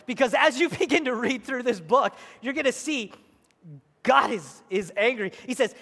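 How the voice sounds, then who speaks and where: A pastor preaching a sermon in a church, animated and acting out the voices of scripture. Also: male voice, very high-pitched, normal speed. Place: church auditorium. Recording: echoey hall.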